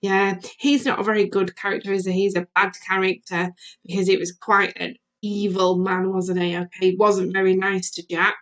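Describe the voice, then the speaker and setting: A woman's voice: medium pitch, level tone. Sing-song woman teaching small children. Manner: sing-song, asks children questions and pauses. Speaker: primary school teacher. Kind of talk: recorded remote lesson for young children.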